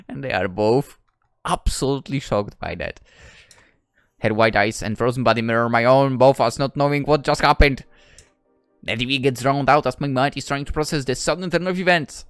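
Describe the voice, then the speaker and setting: A man narrating a first-person story in an expressive, conversational reading style. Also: medium pitch, moderate pace, long pauses, clean tone, no room sound, clean studio sound.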